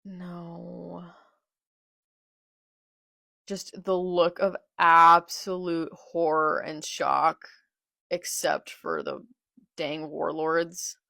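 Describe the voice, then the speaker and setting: A young woman reading a manga aloud and reacting with excitable, exasperated outbursts. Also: on the low side, extremely slow, vocal fry, long pauses, no echo. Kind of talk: live read-along reaction.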